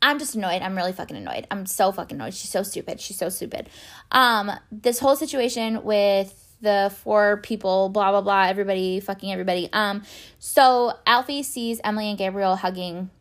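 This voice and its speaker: A woman's voice: mid-range voice, a little fast. A young woman ranting casually in a show recap, exasperated and sarcastic, swearing often and filling her talk with "like". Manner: exasperated, sarcastic, swears a lot, many fillers.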